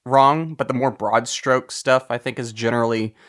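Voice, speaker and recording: A man hosting a film podcast in casual chat, steering the talk, with sentences that often trail off softly. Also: mid-range voice, steady tone, moderate pace. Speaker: podcast host.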